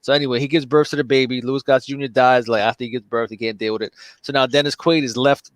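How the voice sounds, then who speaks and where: A man's voice: mid-range voice, fast talker, no echo. A man in casual chat, telling a movie plot with lots of filler, cursing and acted-out character voices. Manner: animated storytelling, heavy profanity and filler.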